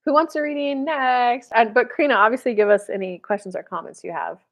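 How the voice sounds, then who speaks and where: Woman chatting on her livestream doing spiritual readings, kinda high voice, jumps into little voices for people. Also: fairly quick. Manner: animated, acts out quoted voices. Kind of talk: casual livestream chat.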